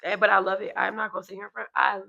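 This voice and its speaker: A woman and mother co-hosting a podcast, telling a story in casual chat, animated and swearing freely as she acts out what others said. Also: medium pitch, racing, vocal fry, lo-fi sound.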